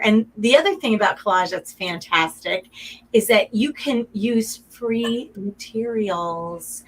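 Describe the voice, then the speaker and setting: A woman's voice: mid-range voice, a bit bright, poor audio. A middle-aged woman, a guest artist in a radio interview, talking in a chatty, effusive way and getting emotional.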